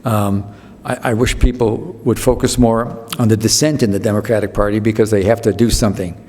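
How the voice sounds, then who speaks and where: A man's voice: on the low side, fairly even intonation, fairly quick, a little mellow. A man in his eighties telling rambling anecdotes as a guest speaker, restarting sentences and acting out other people's lines. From United States. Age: 80s. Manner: rambling, with self-interruptions and restarts. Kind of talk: storytelling anecdotes at a public talk. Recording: long hall reverb.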